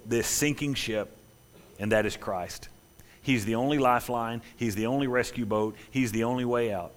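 A man preaching a sermon with earnest emphasis, drawing out key phrases for drama. His voice sits at an ordinary middle pitch. He speaks from a church. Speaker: pastor.

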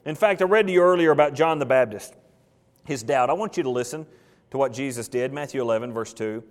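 A pastor with a medium-pitched voice delivers an expository sermon quickly and conversationally. Along the way he questions the congregation and acts out, in quoted voices, what people in the Bible might have been thinking.

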